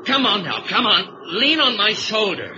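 An actor playing an easygoing, reassuring trapper in an old radio drama. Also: male voice, high-pitched, huge pitch swings, a little slow, heavily acted. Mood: steady. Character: steady trapper Ted, easygoing. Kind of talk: vintage radio drama acting. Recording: muffled noisy old radio recording.

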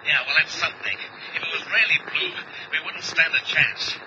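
A man's voice: on the high side, animated, moderate pace, natural voice. A man playing a firm, commanding radio voice. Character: steady man giving urgent orders over radio. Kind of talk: old radio drama acting. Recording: dull old recording with loud hiss.

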